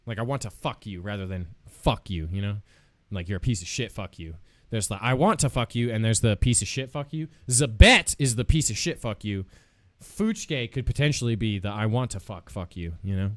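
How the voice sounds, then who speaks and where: A man's voice: fairly low pitch, normal speed, fairly bright tone, no room sound. A man streaming live, chatting casually with viewers in a playful, joking way, laughing often and swearing freely.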